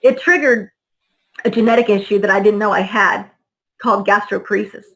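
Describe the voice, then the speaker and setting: A middle-aged woman speaks a little fast in a mid-range, somewhat bright voice, telling her own story as an interview guest. Her manner is blunt and heated, with free swearing and acted-out voices for those she quotes, and the recording is rough.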